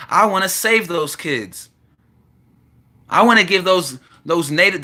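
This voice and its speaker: A man's voice: high voice, sharp tone. A man venting in an impassioned, profane monologue to the camera. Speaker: vlogger.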